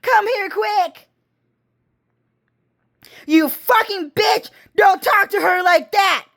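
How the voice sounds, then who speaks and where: A woman's voice: very high-pitched, takes it slowly, vocal fry, a bit bright, voice pushed up, heavily acted. A woman voicing a hysterical, furious adult woman who shrieks, sobs and curses at top volume. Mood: hysterical fury. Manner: shrieking, sobbing, cursing.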